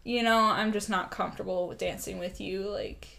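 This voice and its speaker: A woman's voice: medium pitch, normal speed, vocal fry. A young woman co-hosting a podcast, chatting casually and telling stories animatedly, with lots of "like" and laughter. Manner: animated storytelling, full of "like" and laughter. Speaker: podcast co-host. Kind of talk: casual chat.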